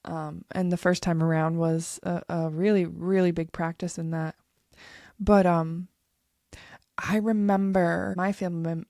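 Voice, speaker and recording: A woman's voice: lowish voice, creaky, a little mellow, no echo, studio quality. A woman in her thirties hosting a podcast, telling a personal story in a candid, emotional way and swearing freely. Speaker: podcast host.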